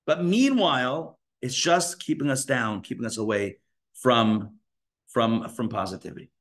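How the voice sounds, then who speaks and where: A man's voice: mid-range voice, big pitch swings, a little slow, fairly bright tone. A man, a rabbi, giving a live Torah class and acting out inner dialogues in shifting voices.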